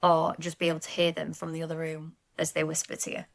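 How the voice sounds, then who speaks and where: A frank, chatty woman co-hosting a podcast. Her voice sits low with a gravelly fry running through it. She talks openly and laughs easily. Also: monotone, fast. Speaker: podcast co-host. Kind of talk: casual chat.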